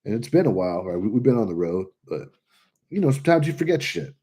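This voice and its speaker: A man's voice: medium pitch, fast talker, slightly rough. A young man from California, chatting casually and bluntly with lots of swearing while telling stories. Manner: blunt, profane, animated storytelling. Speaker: trucker vlogger answering comments. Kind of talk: casual livestream chat.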